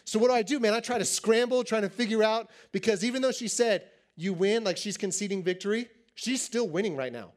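A man in his thirties preaching to teens in a joking, animated way, acting out little scenes. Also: high voice, brisk, hardly any pauses. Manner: animated, joking, acts out quotes. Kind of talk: sermon to teens.

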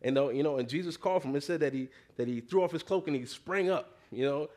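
A man delivers a relaxed, conversational sermon to a congregation, reading scripture and then riffing on it in slangy everyday talk. His voice sits slightly higher than most men's, and he keeps drawing the listeners in, asking them to call words back to him. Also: fast. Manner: conversational, slangy, frequent "you know", calls for congregation response. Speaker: preacher.

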